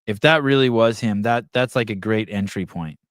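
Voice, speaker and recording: A man hosts a live podcast in a loose, rambling way, swearing freely and thinking aloud as he reads the chat. His voice sits on the low side, and the sound is dry and close, with no room echo. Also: moderate pace. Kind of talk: casual livestream chat.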